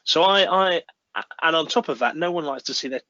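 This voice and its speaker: Male guest, bright forward tone, dry dull video-call sound, earnest. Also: a little high, fairly quick, dry recording. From United Kingdom. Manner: earnest, acts out parent-child dialogues. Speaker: guest speaker on parenting. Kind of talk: webinar talk.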